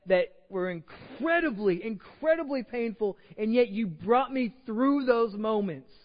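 A man preaching a sermon as a pastor, conversational and self-deprecating, acting out quotes as he goes. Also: high-pitched. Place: church sanctuary. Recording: dull sound with long hall reverb.

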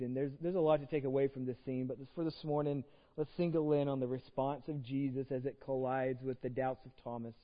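This pastor's voice sits at a medium pitch, moves very little in tone, and runs a little fast. He delivers his sermon conversationally, poking fun at himself and performing the quotes he cites. The church sanctuary gives the dull-sounding recording a long, hall-like reverb.

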